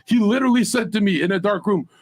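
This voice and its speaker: Husky-voiced man telling crude stories. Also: high voice, fast. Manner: loud, profane and bragging, dropping into gravelly mock voices for quoted people. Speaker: podcast panelist. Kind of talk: crude boastful storytelling.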